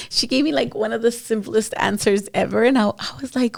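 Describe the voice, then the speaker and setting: A woman's voice: fairly high pitch, normal speed, creaky, no room sound, studio quality. A woman esthetician hosting her podcast, telling client stories in a chatty, casual way with lots of fillers, speaking into a podcast mic. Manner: chatty, many fillers, addresses listeners as guys. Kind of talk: casual storytelling monologue.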